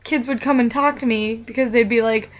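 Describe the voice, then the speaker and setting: A woman's voice: fairly high pitch, steady tone, fairly quick, poor audio. A young adult woman talking casually about her own life, rambling and chatty with many fillers and restarts. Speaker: vlogger. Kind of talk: casual personal monologue.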